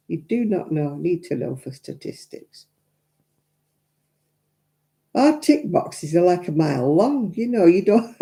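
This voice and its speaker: A woman's voice: on the low side, big pitch swings, moderate pace, gravelly, dark tone. An English woman hosting a casual live-stream crafting chat from home, talking in a chatty, opinionated way with frequent asides. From England. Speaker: crafting channel host.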